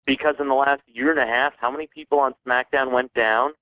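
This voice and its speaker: A man co-hosts a radio talk show, pushing his side with a string of pointed rhetorical questions. His voice comes through a narrow, phone-like AM broadcast with no room sound at all, at an ordinary middle pitch. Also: steady tone, brisk, clean tone, no room sound. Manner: argumentative, fires rhetorical questions. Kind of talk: casual radio debate. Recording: tinny dry AM radio broadcast.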